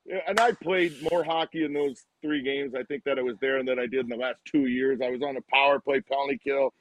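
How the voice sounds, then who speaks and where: A man in his fifties, a retired hockey player, telling lively anecdotes as a guest and acting out the lines people said. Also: medium pitch, quick pace, noisy background. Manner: animated anecdotes, acts out quoted lines. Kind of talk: casual storytelling on a live show.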